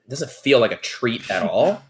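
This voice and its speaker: A man's voice: mid-range voice, big pitch swings, normal speed, over loud music. A man co-hosting a podcast, telling a story in a laid-back, casual way with plenty of swearing. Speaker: podcast co-host. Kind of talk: casual chat.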